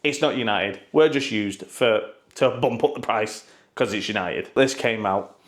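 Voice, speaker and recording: A man's voice: lowish voice, measured pace. A man giving casual, sarcastic football news commentary, full of swearing and mocking asides.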